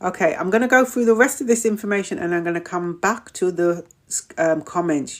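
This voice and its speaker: Middle-aged lady chatting on a live stream, fairly low voice, repeats herself a lot. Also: normal speed. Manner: chatty, repeats her points, stumbles over words. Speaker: host of a wellness live stream. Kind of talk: casual live-stream chat, reading out viewer comments.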